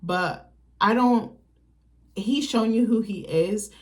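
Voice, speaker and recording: A woman's voice: medium pitch, takes it slowly. A woman talking straight to camera as a vlogger, giving blunt, candid and profane opinions in a loose, chatty way. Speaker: vlogger, channel host. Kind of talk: casual opinion commentary.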